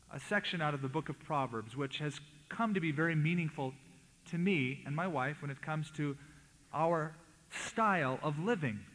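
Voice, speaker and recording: A man preaching a sermon in a somewhat high voice, leaning into words with emphatic rises and falls as he reads scripture aloud. His voice carries through a church sanctuary with a long reverb tail. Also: a bit bright. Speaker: pastor.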